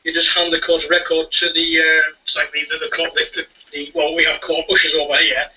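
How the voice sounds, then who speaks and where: A man's voice: on the high side, completely flat delivery, fairly quick. A man telling his story in casual chat, rambling, repeating words and chuckling now and then. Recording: dull distant radio audio.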